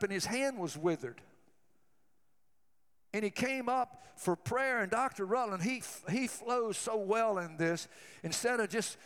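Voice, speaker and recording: A man's voice: sits high, a bit bright, long reverb tail. A man preaching a sermon to his church, fervent and telling stories as he goes. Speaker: pastor.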